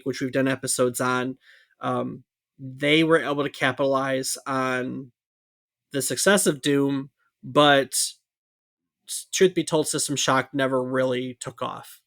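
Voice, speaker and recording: A man's voice: medium pitch, fairly bright tone, dry recording, studio quality. A man co-hosting a podcast, talking casually through gaming history with fillers and asides. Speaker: podcast co-host.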